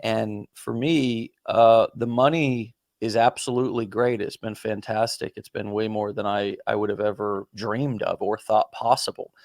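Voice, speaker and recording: A man's voice: fairly low pitch, fairly even intonation, normal speed, vocal fry, hardly any pauses, a little mellow, no room sound. Rambling male host, dry close sound. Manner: rambling, many fillers and restarts, casual swearing. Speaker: podcast host. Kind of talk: conversational interview.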